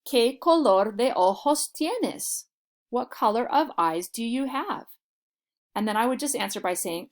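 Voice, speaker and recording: Patient woman teaching Spanish vocabulary. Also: medium pitch. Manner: slow, clear model phrases in Spanish; patient, explaining. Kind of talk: vocabulary lesson.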